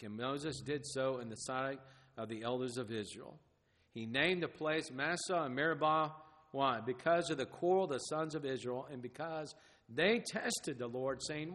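A man preaching a sermon in an earnest, halting way, often repeating words and acting out the crowd's demands in quoted lines. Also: fairly high pitch, a bit bright. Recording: long hall reverb.

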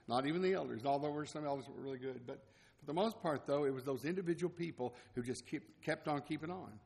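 A man, preaching a conversational sermon with folksy, chuckling asides. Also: a little high. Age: 60s. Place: church assembly hall. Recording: long reverb of a hall.

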